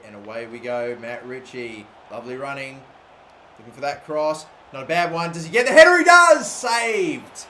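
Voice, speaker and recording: A young man giving casual commentary over a football video game, excitable and swearing when annoyed. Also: mid-range voice. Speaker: gaming YouTuber. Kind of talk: gameplay commentary. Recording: echoey room with faint ambient noise.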